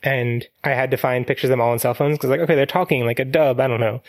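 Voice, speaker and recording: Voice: medium pitch, fairly even intonation, no echo. Rambling podcast host, dry close sound. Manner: rambling, quick tangents with frequent "like". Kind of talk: casual chat.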